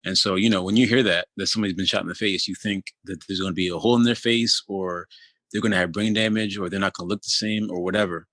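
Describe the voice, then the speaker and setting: A man in his thirties, an interview guest, shares a personal story in conversation with a low, steady voice that barely rises or falls yet carries a bright, pressing edge. He speaks haltingly and loosely, full of "you know"s and restarts, and the recording is dry and close.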